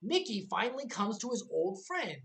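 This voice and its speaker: A woman's voice: medium pitch, big pitch swings, normal speed, fairly bright tone, low-quality recording. A young woman casually recapping a video game story on a livestream, with sarcastic, joking asides.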